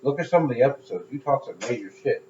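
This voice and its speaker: A man co-hosting a podcast, joking and swearing, breaking into loud excited bursts. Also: mid-range voice, fast talker. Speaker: podcast co-host. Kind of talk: casual podcast chat. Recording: echoey room, dull lo-fi sound.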